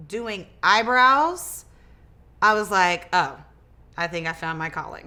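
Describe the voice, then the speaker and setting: A woman guest in a casual interview, telling her story in a lively way, acting out quoted dialogue and often restarting her words. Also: medium pitch, a little slow. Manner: animated, acts out quoted dialogue. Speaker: interview guest, business owner.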